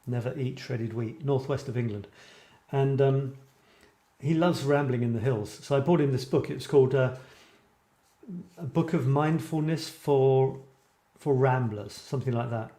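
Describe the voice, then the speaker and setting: On his creative writing live stream, a middle-aged man from Scotland rambles casually while responding to viewers. He speaks in a mellow mid-range voice at a measured pace, in a room that echoes.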